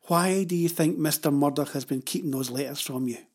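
A man's voice: on the high side, darkish tone. Man doing a cheeky, knowing young boy. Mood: teasing. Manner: teasing, knowing, unhurried.

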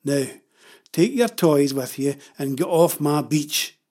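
A man reading a story aloud, voicing a stubborn, burly father who defends his land in a gruff, forceful way. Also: a little high, unhurried. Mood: threatening.

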